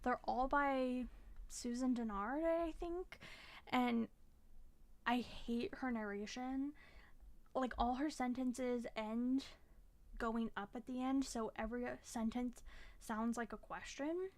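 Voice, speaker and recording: A woman's voice: on the high side, slow pace, darkish tone. A young woman vlogging about her reading, chatty and frank, with the occasional curse when she gets frustrated. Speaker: book vlogger. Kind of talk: casual chat.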